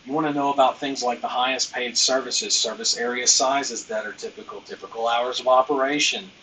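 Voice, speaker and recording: A man's voice: mid-range voice, steady tone, a little fast, pushed and bright, far from the mic, slight background noise, poor audio. A man hosting a business training live stream, talking loosely and emphatically, with lots of fillers and the odd bit of slang.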